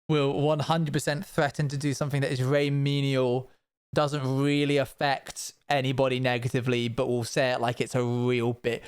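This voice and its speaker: A man's voice: medium pitch, completely flat delivery, normal speed, smooth. A young man chatting casually as a streamer, reacting to a video with wry, rambling commentary.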